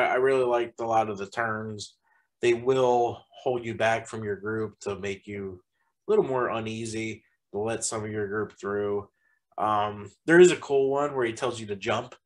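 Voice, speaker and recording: A man's voice: fairly low pitch, rough recording. Man rambling through a casual review. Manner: rambling, heavy use of "like" fillers. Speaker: haunted attraction reviewer.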